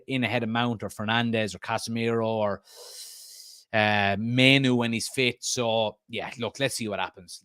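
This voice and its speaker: A man's voice: mid-range voice, a bit bright, no room sound, clean studio sound. A man, hosting a football fan live stream, reading comments aloud and rambling casually with many fillers. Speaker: host of a football fan channel.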